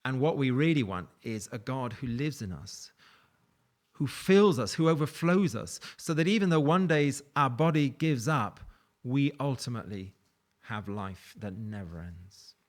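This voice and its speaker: A man's voice: medium pitch, expressive, measured pace. A man preaching a sermon in a conversational, storytelling way, with light laughs. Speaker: pastor.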